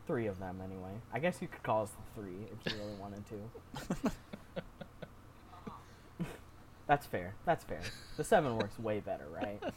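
A man's voice: fairly low pitch, lively intonation, moderate pace, long pauses, background noise, voice pushed down, lightly acted. A man voicing a cocky, evasive villain group member in a tabletop game, talking hesitantly with lots of fillers. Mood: sheepish. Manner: hesitant, filler-heavy, offhand. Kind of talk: tabletop role-play over voice chat.

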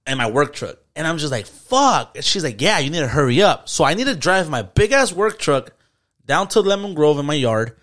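A man's voice: on the high side, big pitch swings, a little fast, a bit bright. A young man, telling a story in casual podcast chat, slangy and profane, dropping in Spanish words. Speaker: podcast host.

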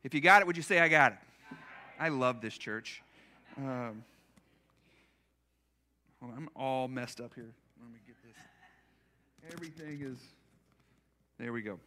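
A man's voice: medium pitch, unhurried, pauses often, sharp tone. A man preaching a conversational sermon as pastor in a church, casual and self-deprecating, acting out imagined quotes.

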